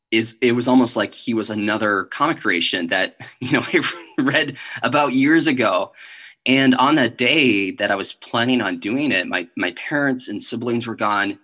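Young male interview guest; earnest, halting testimony, bright tense tone. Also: on the low side, breathy edge. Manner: earnest, halting, with nervous laughs.

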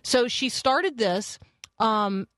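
A woman's voice: on the high side, lively intonation, extremely slow, a bit bright, no echo, studio quality. A woman hosting a Christian morning radio show, chatting with energy and plenty of restarts.

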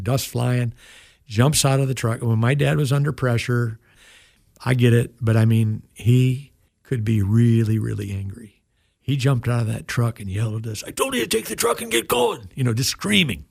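Gravelly older man telling a story. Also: medium pitch, fairly even intonation, normal speed, a little mellow, no room sound, studio quality. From United States. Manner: earnest, emotional storytelling. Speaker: pastor and guest. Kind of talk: storytelling in an interview.

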